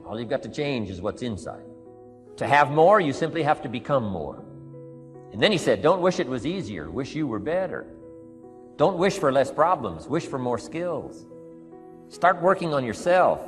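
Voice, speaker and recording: A man speaking to an audience, telling a story in a measured way and quoting a mentor's sayings. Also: medium pitch, a bit bright, long reverb tail. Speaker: motivational speaker. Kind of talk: speech to an audience.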